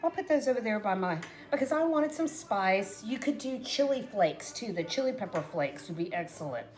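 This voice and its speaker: A woman's voice: mid-range voice, expressive, normal speed, a little mellow. A middle-aged woman chatting casually to her viewers while making a salad, rambling and often trailing off mid-sentence. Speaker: cooking vlogger. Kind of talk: casual cooking chat to camera.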